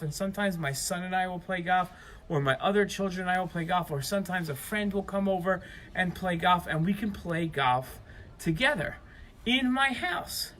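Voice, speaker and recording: A middle-aged man telling a story to young children, explaining things slowly and with emphasis, recorded outdoors at his home. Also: sits high, a bit bright, slight background noise.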